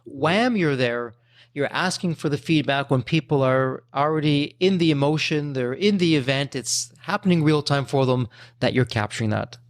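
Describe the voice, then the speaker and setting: A man's voice: fairly high pitch, moderate pace, dry recording. Upbeat male podcast host, dry sound. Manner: recaps the guest's points, addresses listeners directly. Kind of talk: casual interview chat.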